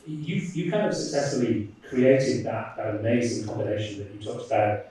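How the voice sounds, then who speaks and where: A man's voice: on the low side, expressive, moderate pace, dark tone. A man in the audience asking a polite, hesitant question and repeating words. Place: lecture hall. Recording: echoey hall, distant mic.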